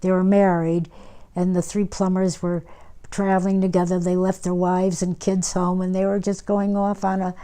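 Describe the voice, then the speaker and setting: A woman's voice: on the low side, little pitch movement, normal speed, dark tone, smooth. An older woman recalling her years as a nurse in an oral history interview, talking in a rambling way with many fillers and restarts. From United States.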